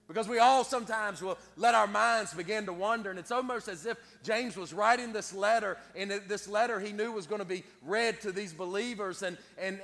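High-voiced man preaching in a reverberant church. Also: a bit bright. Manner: conversational, repeats words, asks "right?" often. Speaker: guest preacher. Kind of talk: sermon. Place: church sanctuary.

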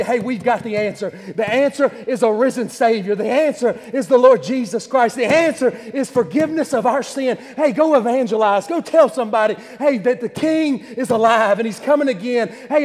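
A man's voice: very high-pitched, long reverb tail. A man preaching a fervent, repetitive livestreamed Easter sermon in a small church, with frequent restarts.

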